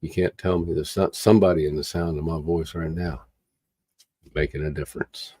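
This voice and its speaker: A man with a very deep, dark and mellow voice delivers an earnest, preachy monologue straight to his livestream viewers. He piles up repeated phrases for emphasis. The sound is dry and close, with no room around it. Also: steady tone, moderate pace, breathy edge, no echo. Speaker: livestream host. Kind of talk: impassioned motivational monologue.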